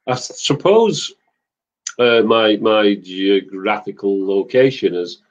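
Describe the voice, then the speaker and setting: Low-voiced Manchester-raised man, chatty. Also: expressive, takes it slowly, highs cut off. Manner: rambling, chuckling, warm anecdotal. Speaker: soap actor guest. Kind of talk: casual chat on a web show.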